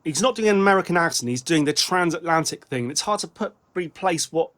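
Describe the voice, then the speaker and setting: A man with a somewhat high voice chats loosely as a podcast co-host. He rambles, restarts his sentences and corrects himself mid-thought as he goes. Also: expressive, fast, a bit bright. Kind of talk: casual music-review chat.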